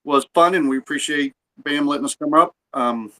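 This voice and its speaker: A man's voice: a little high, normal speed, sharp tone. A man hosting a podcast in casual chat, rambling and swearing freely, recorded on a phone. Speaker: podcast host.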